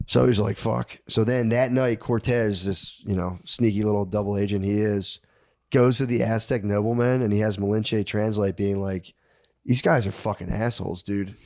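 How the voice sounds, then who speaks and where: A man's voice: on the low side, fairly even intonation, moderate pace, a little mellow. A man on a podcast telling a history story in casual, profane slang, acting out the characters' lines.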